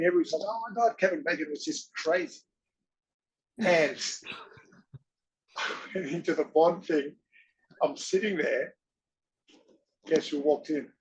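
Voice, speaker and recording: A man's voice: on the high side, lo-fi sound. A middle-aged man from Australia, an interview guest telling rambling anecdotes, laughing and acting out other people's lines.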